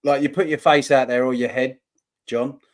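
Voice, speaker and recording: A man's voice: mid-range voice, fairly even intonation, moderate pace. A man co-hosting a casual football chat, joking and matey with his co-host.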